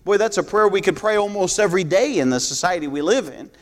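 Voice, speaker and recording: A man's voice: sits high, animated, fast. A man preaching a sermon as pastor, earnest, often restarting his words and paraphrasing scripture in a conversational tone.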